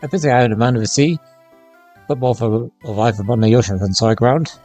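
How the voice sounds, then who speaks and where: Man reads a courteous seafaring pirate with a light Irish lilt, unhurried. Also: mid-range voice, darkish tone, faint music behind, natural voice. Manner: old-fashioned courteous speech with a slight put-on lilt. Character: middle-aged male pirate guest, gruff and polite.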